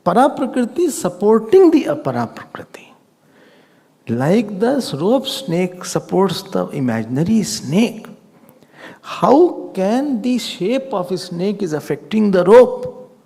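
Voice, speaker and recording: A man, a swami giving a spiritual discourse as an animated storyteller who acts out other people. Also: sits high, slow pace, vocal fry. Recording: long reverb in a hall.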